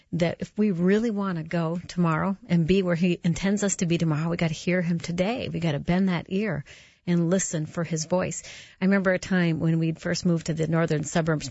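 On a Christian radio talk show, a woman with a low, somewhat mellow voice recounts personal stories in an earnest, chatty way, restarting herself now and then. There's no echo, but the radio sound is dull and a bit muffled.

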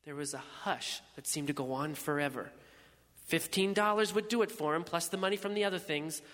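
A man's voice: on the high side, a bit bright. Man reading a story in a reverberant space. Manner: measured, reflective storytelling. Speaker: narrator. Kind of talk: first-person story reading.

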